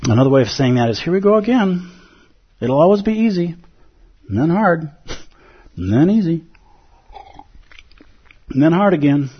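A man giving a lively, playful dharma talk as a Zen teacher, acting out inner voices. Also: fairly high pitch, moderate pace, pauses often, husky, highs cut off.

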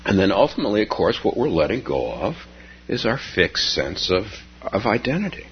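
Low-voiced zen teacher man, gentle, repeats himself, lots of ups and downs in his voice. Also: very animated, moderate pace, highs cut off, slight background noise. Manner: gentle, repeats phrases, laughs softly. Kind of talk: dharma talk with storytelling.

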